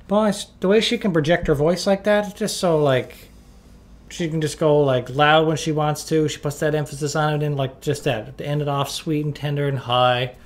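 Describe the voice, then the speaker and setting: A man from Newfoundland hosting a reaction video, excitedly chatting to his viewers about the performance. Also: fairly high pitch. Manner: excited, keeps addressing viewers as "boys". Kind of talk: casual reaction commentary.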